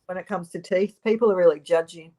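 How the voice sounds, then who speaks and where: A woman's voice: on the low side, fast, dark tone. A woman in a casual conversation, speaking earnestly and with opinion.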